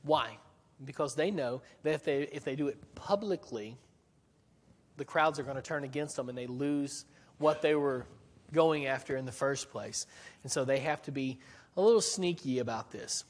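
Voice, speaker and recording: A man's voice: mid-range voice, normal speed, big-room sound. A man preaching a sermon as pastor in a conversational way, often putting questions to the congregation.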